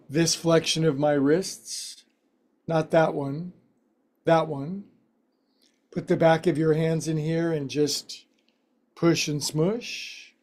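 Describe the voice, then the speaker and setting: Folksy, mellow-voiced male yoga teacher. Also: a little high. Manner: playful, folksy quips between slow cues. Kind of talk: guided yoga class instruction.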